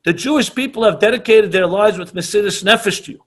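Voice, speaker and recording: A middle-aged rabbi with a fairly high, husky voice teaches an online class for teens. He speaks with passion, repeats key phrases for emphasis, and mixes in Hebrew and Yiddish words. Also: fast talker. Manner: sprinkles Hebrew and Yiddish terms.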